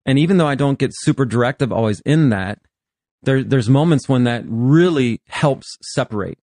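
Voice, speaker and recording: A man's voice: medium pitch, animated, moderate pace, warm tone, no room sound, studio quality. A man in his fifties, a pastor and therapist, talking earnestly in a podcast conversation and often laughing while he speaks. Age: 50s.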